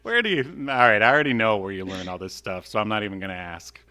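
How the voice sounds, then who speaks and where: A man's voice: fairly low pitch, sing-song, quick pace, sharp tone. A man co-hosting a podcast, chatting casually about an old cartoon with plenty of fillers and asides. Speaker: podcast co-host.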